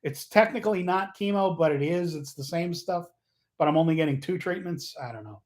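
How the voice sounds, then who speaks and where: A man hosting a casual livestream, rambling and joking, often losing his train of thought and getting loud and fired up. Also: fairly high pitch, a little fast. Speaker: livestream host.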